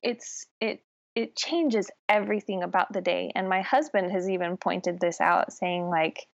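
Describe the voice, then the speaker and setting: A woman's voice: fairly low pitch, unhurried, vocal fry, no echo, lo-fi sound. A woman in her thirties, a podcast guest, chatting easily and laughing often. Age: 30s. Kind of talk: conversational interview.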